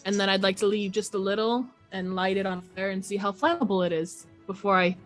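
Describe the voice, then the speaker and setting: A woman's voice: medium pitch, fairly quick, faint music behind. A woman playing a tabletop game, talking urgently in character and laughing often. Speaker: player.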